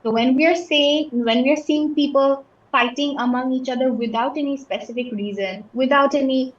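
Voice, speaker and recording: A woman from Bangladesh teaches an English lesson, working through example after example and checking that students understand. Her voice sits a little high. The audio is somewhat dull and echoey, like an online class. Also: moderate pace. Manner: patient, explains with many examples and checks understanding.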